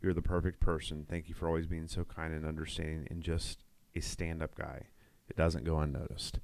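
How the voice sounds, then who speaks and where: A man's voice: rumbling low, flat delivery, a little fast, darkish tone, no room sound. A middle-aged man, a nurse who co-hosts a podcast, telling a long story in casual chat, rambling with restarts and quoted dialogue. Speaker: podcast co-host.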